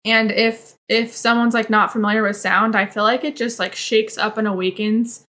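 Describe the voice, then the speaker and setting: Bright, chatty woman guest. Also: fairly high pitch, fairly even intonation, moderate pace. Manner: candid, open, filler-heavy talk. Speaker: podcast guest. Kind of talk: casual chat.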